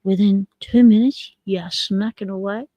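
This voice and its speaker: Chatty Aussie woman, dark dry voice. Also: mid-range voice, steady tone, unhurried, dry recording. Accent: Australian. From Australia. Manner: chatty, rambling, jokey. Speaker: livestream host. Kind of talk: casual chat.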